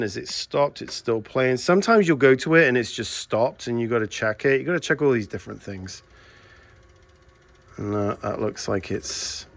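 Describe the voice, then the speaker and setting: An English man with a mid-pitched voice runs a casual vlog from his own shop late at night. He talks bluntly and chattily, slipping into ranting asides as he works. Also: sharp tone. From England. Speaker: video transfer shop owner.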